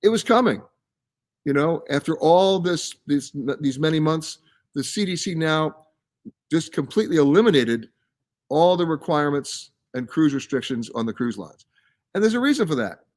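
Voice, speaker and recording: A man's voice: a little high, sing-song, normal speed. A man hosting a live travel show, reading out viewer comments and answering them in a casual, emphatic way. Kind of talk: casual live-stream chat. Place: live from a science center.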